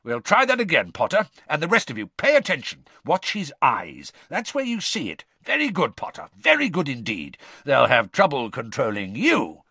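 A man voicing a gruff, fierce male wizard teacher who growls and barks orders, with a husky voice. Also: a little high, wildly swooping pitch, normal speed, hardly any pauses, bright, forceful tone, dry recording, pitched above the performer's own voice, heavily acted. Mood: gruff praise. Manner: growling, barking.

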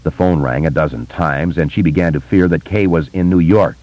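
Deep-voiced male audiobook narrator. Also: no echo. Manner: steady, measured reading. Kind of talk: scripted novel narration. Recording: dull, dry lo-fi recording.

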